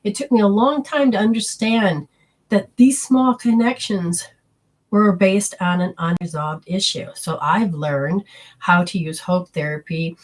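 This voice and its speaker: A woman's voice: mid-range voice, a little slow. A woman giving an earnest spiritual healing talk, telling personal stories and acting out inner voices in quotes.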